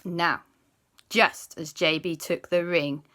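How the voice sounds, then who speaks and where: A woman narrating a bedtime story for children, animated, dropping to whispers for suspense. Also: on the low side, takes it slowly.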